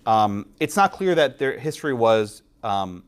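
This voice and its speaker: A man lecturing a law class, quizzing students and tagging points with quick questions. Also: mid-range voice, smooth. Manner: lively, quizzes students, frequent tag questions. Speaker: law professor.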